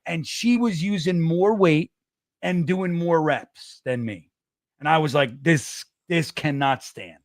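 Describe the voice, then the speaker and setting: Middle-aged new man, high voice, animated, swearing, dry close sound. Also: measured pace, no room sound. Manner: animated, swearing, acts out quotes in a raised voice. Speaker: co-host. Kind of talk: casual sports podcast chat.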